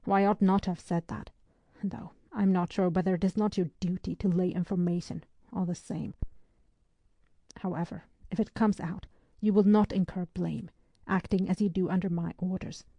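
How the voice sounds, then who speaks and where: A woman's voice: lowish voice, steady tone, normal speed, mellow, dry recording, lo-fi sound. Woman reading as a curt, grim naval captain. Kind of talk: audiobook character reading.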